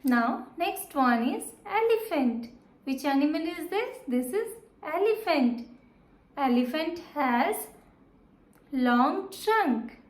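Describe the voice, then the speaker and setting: Woman teacher for a kids' lesson, high voice, very slow and repetitive, echoey room. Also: expressive. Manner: slow, repetitive, asks and answers questions. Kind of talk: children's lesson.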